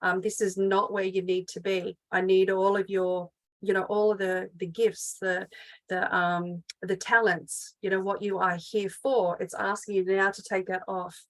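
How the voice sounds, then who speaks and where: A woman's voice: medium pitch, level tone, unhurried, poor audio. A middle-aged woman speaking as a spiritual healing coach, teaching in an earnest, rambling way, full of fillers and restarts. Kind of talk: unscripted teaching monologue.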